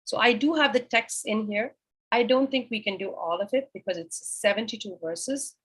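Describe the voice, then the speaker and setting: A woman's voice: on the high side, normal speed, fairly bright tone, husky, poor audio. A woman teaching a scripture class, explaining a sacred text verse by verse and asking and answering her own questions.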